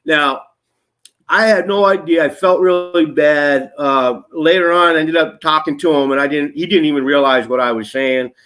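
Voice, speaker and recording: Fifties male actor guest, animated raconteur, quotes in voices, salty language. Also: fairly high pitch, normal speed. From Nashville area. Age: 50s. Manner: animated storyteller, acts out quotes, swears freely. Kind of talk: casual storytelling interview.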